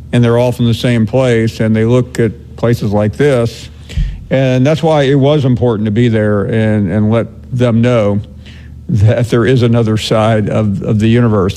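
A male sports talk radio host answering callers in a quick, friendly way. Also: mid-range voice, dark tone, slight background noise.

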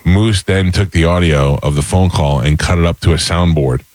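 A man's voice: sits low, normal speed, a little mellow, no room sound. A middle-aged man hosting a morning radio show, telling stories in casual banter.

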